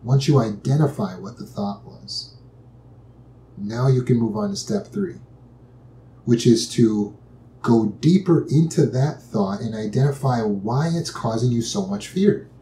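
A man with a relaxed, dark-toned voice teaches a step-by-step approach to anxiety. He is patient and calm, and he repeats his key points. The room adds a noticeable echo. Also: mid-range voice, measured pace, a little hiss or hum. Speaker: anxiety and trauma recovery teacher. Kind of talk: instructional talk. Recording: echoey room.

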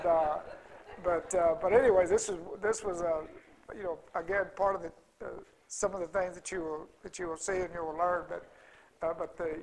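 A middle-aged man spins a folksy, rambling story at a conference, stumbling through restarts and fillers. His voice sits high for a man and has a gravelly edge. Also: low-quality recording. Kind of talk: casual storytelling talk.

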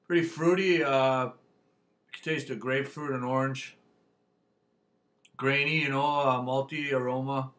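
A man's voice: mid-range voice, fairly even intonation, a little slow, long pauses, fairly bright tone. A man reviewing a beer on his channel, talking casually in a rambling, folksy way, full of fillers and "eh".

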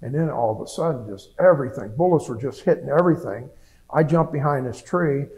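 Recorded roughly, this veteran in his seventies speaks a bit fast in a mid-range, darkish voice. Telling his story plainly for an oral history, he frequently restarts and repeats himself.

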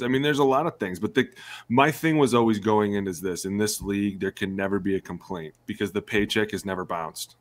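Thirties male ex-player guest; low-pitched, animated anecdote teller who voices the people he quotes. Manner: animated storyteller, acts out quotes. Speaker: former NFL player, guest. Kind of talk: casual podcast chat.

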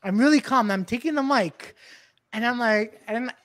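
A man's voice: very high voice, normal speed, fairly bright tone, no room sound. A man hosting a casual podcast, telling a rambling story with lots of restarts and swearing. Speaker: podcast host. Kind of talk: casual chat.

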